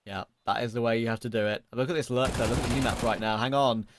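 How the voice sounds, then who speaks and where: Excitable man calling esports play-by-play. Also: medium pitch, fast talker. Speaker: esports commentator. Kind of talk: live esports play-by-play commentary. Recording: broadcast with clear background noise.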